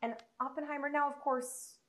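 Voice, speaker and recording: A woman's voice: high voice, steady tone, normal speed. Chatty woman podcast host. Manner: chatty, laughing, swears casually. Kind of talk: casual movie chat.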